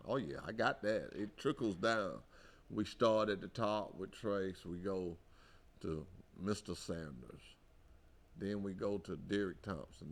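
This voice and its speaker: A man with a Southern US accent, talking earnestly to his company's truck drivers in a folksy way and repeating his points for emphasis. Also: on the low side. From Alabama. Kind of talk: folksy company talk to employees.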